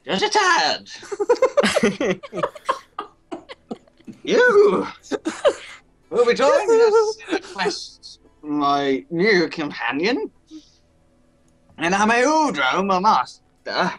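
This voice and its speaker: A drunk, towering giant warrior in plate armor bellows in a rustic yokel farmer voice, as a man puts him on. His voice is raised and swings widely, with a gravelly edge and a slow, dragging delivery. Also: high voice, huge pitch swings, fairly bright tone, soft background music, voice pushed up, heavily acted. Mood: grand.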